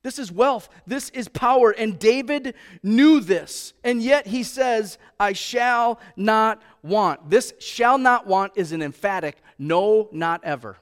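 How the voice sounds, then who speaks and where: High-pitched guy preaching, chatty, asks the crowd lots of questions, slows way down on bible verses. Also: expressive. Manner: conversational preaching with rhetorical questions; slows for emphasis on scripture quotes. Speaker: pastor. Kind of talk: sermon.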